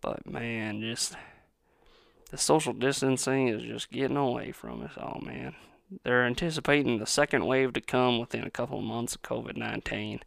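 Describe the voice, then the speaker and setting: A man's voice: medium pitch, steady tone, normal speed, vocal fry, dry recording, studio quality. A man in his twenties ranting on his own podcast, rambling, sarcastic and full of profanity. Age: 20s. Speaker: podcast host. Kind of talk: profane solo podcast rant.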